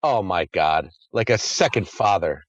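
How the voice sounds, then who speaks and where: A man's voice: deep voice, lively intonation, unhurried, no echo, muffled recording. A man hosting a podcast in a casual chat, rambling and swearing freely. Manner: crude, profane, rambling. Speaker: podcast host.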